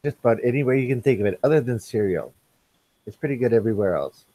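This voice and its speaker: A man's voice: mid-range voice, animated, quick pace, dark tone, no echo. A man hosting a casual live stream, reading viewers' chat messages aloud and answering them.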